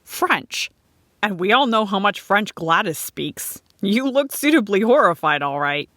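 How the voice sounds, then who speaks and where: Woman voicing brisk teasing Sarah Jane. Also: medium pitch, lively intonation, bright, forceful tone, no room sound, studio quality.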